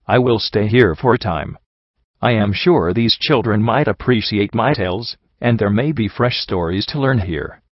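A man voicing a gentle, wise female zebra storyteller, a mother, in a measured, formal, gently teasing way, in a fan audiobook reading. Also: lowish voice, lively intonation, no room sound. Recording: dry, slightly muffled lo-fi recording.

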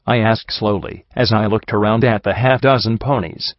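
Man narrating a story, low dry voice. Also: steady tone, normal speed, few pauses, no echo. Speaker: audiobook narrator. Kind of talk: first-person fiction narration. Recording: dull lo-fi recording.

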